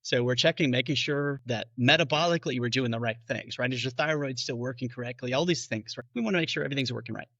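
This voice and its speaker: Bright-voiced doctor explaining to patients. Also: male voice, mid-range voice, fast, vocal fry, few pauses, dry recording, highs cut off. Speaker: bariatric physician. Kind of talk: podcast interview explanation.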